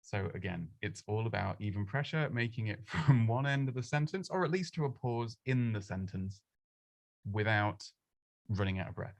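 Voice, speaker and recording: Chatty low-voiced man. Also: expressive, normal speed, gravelly, dry recording. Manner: chatty, self-deprecating, frequent restarts. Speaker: presenting coach. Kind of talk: casual live Q&A advice. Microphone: close studio microphone.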